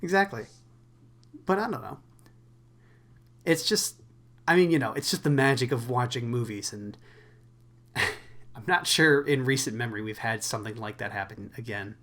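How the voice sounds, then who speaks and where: A man's voice: medium pitch, lively intonation, normal speed, long pauses, fairly bright tone. A young man co-hosting a podcast, rambling casually and laughing easily, a little wheezy. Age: young adult. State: wheezy from asthma. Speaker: podcast co-host. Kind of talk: casual chat.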